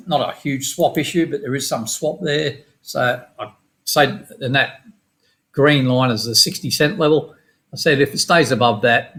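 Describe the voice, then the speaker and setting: A middle-aged man with an Australian accent walking through his forex trades in a quick, casual, matter-of-fact way with some slang. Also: mid-range voice, a bit bright. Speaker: forex trading educator. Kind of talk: screen-share chart walkthrough.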